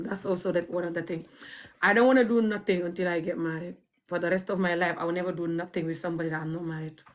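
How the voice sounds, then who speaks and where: A woman from Gambia with a Gambian accent, chatting casually to her viewers, blunt and cheeky and often breaking into laughter. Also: lowish voice. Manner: cheeky, frank and outspoken. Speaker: vlogger. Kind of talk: casual storytelling chat.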